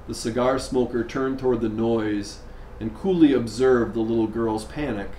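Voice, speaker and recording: A male priest tells a story as part of his sermon, unhurried with measured pauses, at a middle pitch. His voice rings in an echoey room with faint noise underneath. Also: darkish tone.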